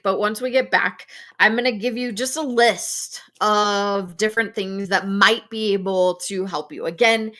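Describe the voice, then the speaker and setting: Woman hosting a mental health show solo, bright voice, chatty and casual, laughs at herself. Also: mid-range voice. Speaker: podcast host.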